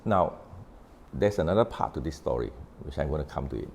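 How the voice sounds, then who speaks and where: A middle-aged man with a Malaysian English accent tells a workplace story in a relaxed, unhurried way, voicing each side of the conversation as he goes. His voice sits very low, with a dark, mellow tone. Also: slight background noise. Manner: recounts conversations with quoted dialogue, unhurried, explanatory. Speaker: author sharing on his book. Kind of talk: casual storytelling talk.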